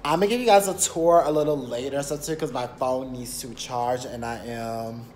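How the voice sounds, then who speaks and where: With a steady, slightly mellow mid-range voice at a moderate pace, a young man vlogs on his phone from a rented apartment. His casual talk to camera is chatty and rambling, packed with fillers like "period," over slight background noise.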